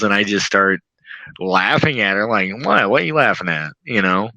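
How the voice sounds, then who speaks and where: A young man talking casually as a podcast guest, laughing often and acting out his own reactions with quick voices. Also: lowish voice, very animated, bright, forceful tone, dry recording, lo-fi sound. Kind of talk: casual chat.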